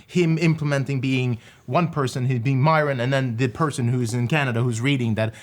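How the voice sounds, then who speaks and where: A man co-hosting a reaction video that analyses public speaking. He talks in an enthusiastic, excitable way and laughs often. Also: medium pitch, brisk.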